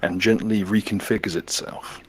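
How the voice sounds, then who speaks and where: A man's voice: lowish voice, fairly even intonation, moderate pace, breathy edge, soft background music. A man narrating a tabletop game as game master, describing scenes with small restarts.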